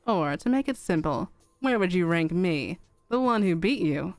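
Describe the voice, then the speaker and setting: A woman's voice: lowish voice, lively intonation, no echo, soft background music. Woman putting on a smug, mischievous young woman. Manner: sly, drawn-out, playful. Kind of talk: fanfic read-aloud on stream.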